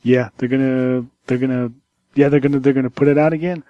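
A man co-hosting a casual tech podcast, rambling and halting with many restarts as he chats about the news. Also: medium pitch, steady tone, no room sound, lo-fi sound. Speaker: podcast co-host.

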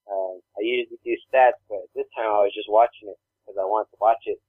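A podcast co-host with a lowish, steady, breathy-edged voice talks briskly in a casual chat. He rambles through stories and performs other people's voices, and the recording is dry with a narrow, phone-like sound.

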